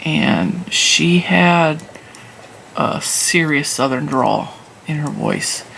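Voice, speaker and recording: Woman, casual yarn-review vlogger, rambling chatter, gravelly fry, faint noise behind. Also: sits low, a bit bright, rough recording. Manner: chatty, rambling, laughs at herself. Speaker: knitting and crochet channel host.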